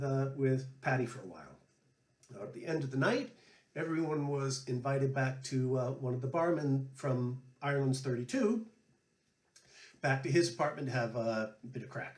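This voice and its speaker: A man hosting, a flute player telling a relaxed story and giving music tips. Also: medium pitch. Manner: chatty, anecdotal, relaxed. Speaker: flute player and show host. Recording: echoey room.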